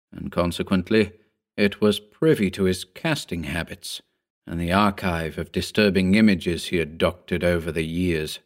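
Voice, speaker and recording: A man reads his own story aloud in a measured, dryly wry manner. His voice sits on the lower side, steady through the long narrated passages. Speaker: narrator and author.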